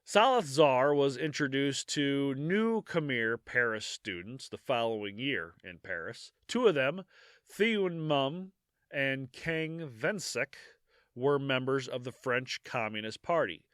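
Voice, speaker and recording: A man hosts a history podcast, reading his notes in a bright, cutting voice that swings up and down a lot. He stumbles, corrects himself and breaks off for jokey asides with a quick laugh. The sound is dry and close. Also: medium pitch, expressive, no echo. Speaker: podcast host.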